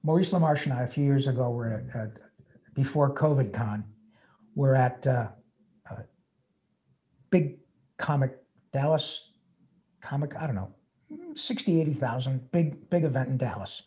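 A man's voice: mid-range voice, moderate pace, pauses often, mellow. Earnest older man telling a story. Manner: earnest, emotional, rambling with restarts. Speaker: guest voice actor. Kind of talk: interview storytelling.

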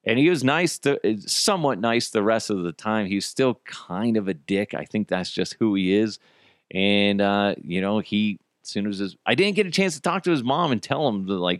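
A man's voice: fairly low pitch, lively intonation, normal speed, a bit bright, dry recording, studio quality. A man in his thirties hosting a podcast, chatting casually, swearing freely and acting out the quotes in his stories. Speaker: podcast host. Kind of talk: casual storytelling chat.

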